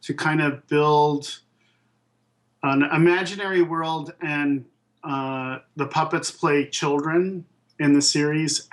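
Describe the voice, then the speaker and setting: An older man, a puppet and toy designer, telling anecdotes in a relaxed interview and acting out the voices of people he quotes. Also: medium pitch. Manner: animated storyteller who acts out quoted voices.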